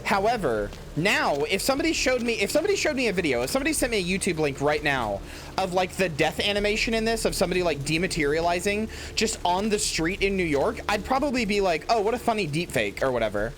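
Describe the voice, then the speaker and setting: A man's voice: high-pitched, big pitch swings, fast talker, a bit bright, a little hiss or hum. Rambling, swearing man streaming a game. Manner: rambling, swearing, lots of fillers. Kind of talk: casual live-stream game commentary.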